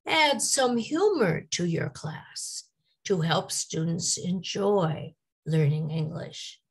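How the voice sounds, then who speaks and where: A woman giving a scripted English teaching presentation, modeling word and sentence stress with deliberate emphasis. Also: fairly low pitch, expressive, husky, poor audio.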